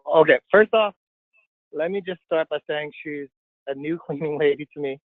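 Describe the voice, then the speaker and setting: A man hosting a casual podcast, talking in an excitable, giggly, coaxing way. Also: fairly high pitch, moderate pace, no echo. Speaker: podcast host. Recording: dry tinny phone-like audio.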